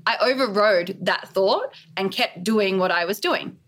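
A woman's voice: mid-range voice, a little slow, a bit bright. A woman speaking as a podcast guest, talking earnestly and emphatically in a candid interview, often laying out points as lists. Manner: earnest, emphatic, list-like delivery.

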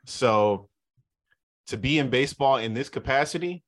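A man in his thirties from Southern California, a sports TV reporter chatting as a podcast guest, telling stories in a relaxed, easygoing way. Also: medium pitch, normal speed. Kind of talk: casual podcast chat.

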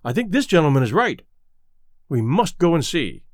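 A man reading aloud, voicing an angry, rough-haired male lawyer who speaks sharply and indignantly. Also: on the high side, very animated, normal speed, no echo, clean studio sound. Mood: resolute.

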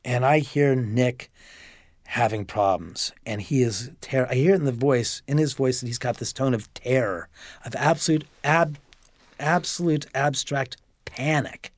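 A man interviewed at length, telling a story in an animated way and swearing freely. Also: mid-range voice, measured pace, no echo. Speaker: homeowner interviewed about a haunting.

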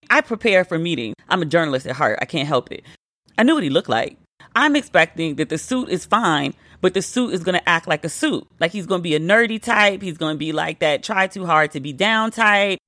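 A woman's voice: lowish voice, expressive, a little fast, bright, forceful tone, no echo. A woman hosting a podcast, tipsy and telling a playful story in a casual monologue, now and then mimicking her friends. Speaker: podcast host.

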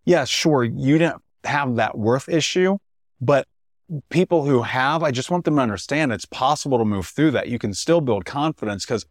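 A male podcast host talks in an animated, emphatic way, loose and casual with his guest. His voice sits at an everyday middle pitch. The sound is dry and close, with no room behind it. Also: moderate pace, dry recording. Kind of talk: casual interview chat.

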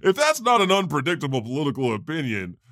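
A man's voice: on the high side, dry recording, clean studio sound. A man playing God, a chatty male deity who hosts an improvised comedy podcast. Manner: conversational, quick to laugh, animated. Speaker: host.

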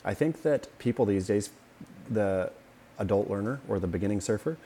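A man co-hosting a podcast in casual chat, opinionated and animated, acting out quotes as he tells stories. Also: on the low side, moderate pace, slight background noise. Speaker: podcast co-host.

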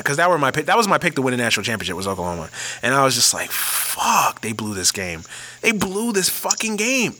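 A man's voice: medium pitch, bright, forceful tone. A man hosting a sports podcast, ranting casually with lots of cursing and stuttered restarts. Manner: profane, ranting, many restarts. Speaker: podcast host.

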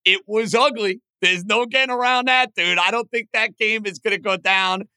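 A man hosting a sports podcast, ranting with animated opinions about teams and trades. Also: normal speed, clean tone, dry recording. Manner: animated, aggravated rants with rising pitch. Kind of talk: opinionated sports talk monologue.

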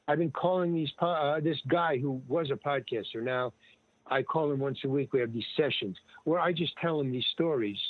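A man's voice: on the high side, normal speed, no echo. An older man, a guest actor and comedian, telling stories in a casual, rambling way and acting out the dialogue he quotes. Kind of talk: casual conversational storytelling. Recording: tinny dry phone-like line.

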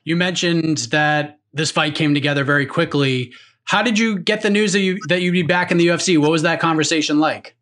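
Male interviewer, quick pace, slightly high voice, brief direct questions. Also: a bit bright.

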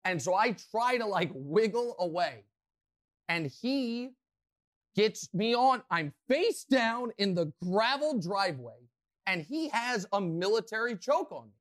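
A man hosting a podcast, telling a rambling, self-mocking story with lots of excitement. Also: sits high, a little slow. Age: adult, past college. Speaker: podcast host. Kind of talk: animated storytelling.

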